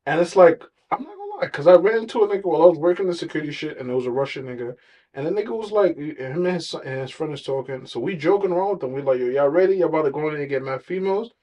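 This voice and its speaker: A podcast co-host making his case in casual chat, telling street stories along the way. His voice sits a little high for a man. He talks in loose slang and argues his points. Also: big pitch swings, racing, dark tone, poor audio. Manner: storytelling, argumentative, slangy.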